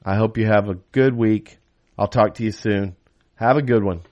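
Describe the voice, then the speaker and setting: A man's voice: fairly low pitch, moderate pace, a little mellow, muffled recording. A man reading his own novel aloud in first person, then chatting casually to close the episode. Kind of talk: audiobook reading.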